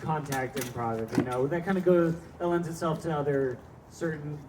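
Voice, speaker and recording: A man's voice: fairly high pitch, normal speed. A male stand-up comedian performing a live set in a small venue, telling rambling, profane stories full of asides. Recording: distant mic with faint background noise.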